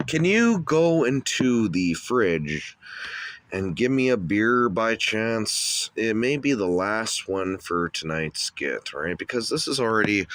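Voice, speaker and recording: A man hosting a comedy skit, high on cannabis and ranting in a rambling, profane way with loud outbursts. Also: very animated, slow, dry recording. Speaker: host. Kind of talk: stoned comedy rant.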